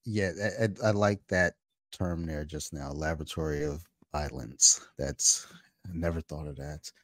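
A man's voice: extremely low pitch, steady tone, moderate pace, a bit bright, no room sound, studio quality. A man hosting a podcast who talks in a thoughtful, hesitant way with many fillers. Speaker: podcast host. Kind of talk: reflective conversation.

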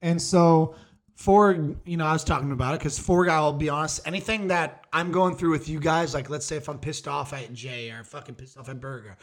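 A young man hosts a loose, casual podcast chat, spinning crude stories packed with swearing. He laughs often as he goes, and his voice sits a little high for a man. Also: fairly even intonation, brisk. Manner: profane, rambling storyteller, laughs often. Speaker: podcast host.

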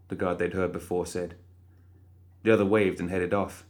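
A man narrating a story in an expressive storytelling style. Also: sits low, moderate pace, pauses often.

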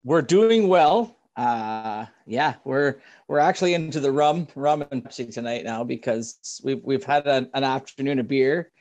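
A man's voice: medium pitch, a little slow, few pauses, a little mellow. Easygoing podcast guest, a man. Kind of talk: casual chat.

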